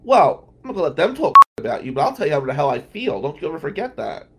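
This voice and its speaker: A man voicing a blunt, sharp-tongued woman lawyer who scolds and teases with sarcasm. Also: low voice, sing-song, normal speed, heavy background noise, pitched above the performer's own voice. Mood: indignant.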